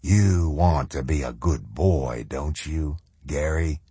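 A man voicing a cold, menacing masked male colonel who speaks low and quietly coaxing. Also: takes it slowly, slightly rough, dry recording, full character voice.

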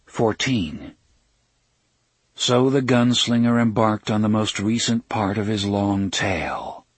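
Casting: male audiobook narrator, steady and even, husky voice, dry close sound. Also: on the low side, no room sound. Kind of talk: scripted narration.

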